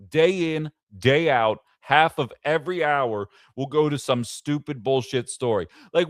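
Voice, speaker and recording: A man's voice: mid-range voice, clear, resonant tone, dry recording, studio quality. A man hosting a live-streamed political commentary show, making his case with a string of heated rhetorical questions. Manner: impassioned, fires off rhetorical questions.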